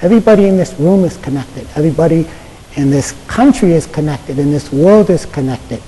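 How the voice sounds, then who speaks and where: Husky-voiced American monk in echoey hall. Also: male voice, a little high, dark tone. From United States. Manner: halting, conversational, many fillers and repeated "okay?". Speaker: Buddhist monk. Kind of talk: Zen dharma talk to an audience.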